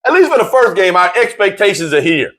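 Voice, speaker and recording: He's a fast talker hosting an informal sports talk show, lively and playful in tone. Repetition creeps into his speech, and his voice springs up high when he's excited.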